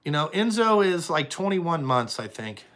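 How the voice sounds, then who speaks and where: A man's voice: a little high, big pitch swings, normal speed, a bit bright. A young man, the owner of a trucking company, chatting casually and profanely on a live stream and answering viewers' questions.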